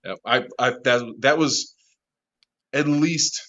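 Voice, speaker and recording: A man guest in an interview, a bar manager telling a rowdy story, animated, laughing often and swearing freely. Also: medium pitch, slow pace, highs cut off. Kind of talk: casual storytelling.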